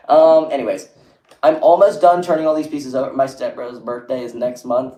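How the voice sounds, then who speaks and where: A man's voice: medium pitch, steady tone, moderate pace, mellow. A young man chatting casually on a livestream, rambling and reading viewers' messages aloud. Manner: rambling, reads chat aloud, lots of "like". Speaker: streamer. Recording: echoey room.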